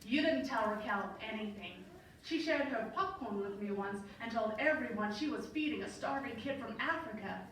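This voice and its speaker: A woman's voice: fairly high pitch, lively intonation, normal speed. A woman in her thirties from Zimbabwe with a Zimbabwean accent, telling a story on stage in a wry, playful way. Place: large hall. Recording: distant, echoey hall, faint hum.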